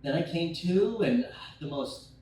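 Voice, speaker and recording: A young adult man telling a rambling, profane stand-up story, acting out scenes with sudden shouted quotes. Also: fairly high pitch, lively intonation, measured pace. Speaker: stand-up comedian. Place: bar stage. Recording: echoey bar room from far off.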